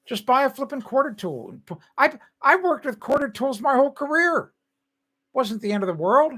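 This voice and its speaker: A man's voice: very high voice, very animated, moderate pace, pushed and bright. An older man hosting a live stream, chatting casually with viewers in a rambling way and laughing often.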